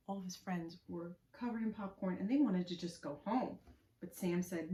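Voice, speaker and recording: Animated storytime librarian, echoey room. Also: female voice, fairly low pitch, a little fast. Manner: sing-song, animated, coaxing children to join in. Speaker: children's librarian. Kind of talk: preschool story time reading.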